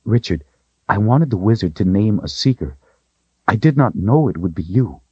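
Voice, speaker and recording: A guarded young woman from a storybook, solemn and measured, quiet and earnest in tone , voiced by a man. The read is dry and close on a slightly muffled recording. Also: lowish voice, animated, slightly rough, no room sound, pitched above the performer's own voice.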